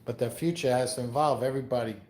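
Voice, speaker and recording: A man's voice: mid-range voice, fairly even intonation, fast, a little mellow, echoey room. A middle-aged man from New York with a mixed New York accent, chatting casually and rambling as he answers viewers on his livestream outdoors. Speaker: livestream host. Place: outdoors on a windy day.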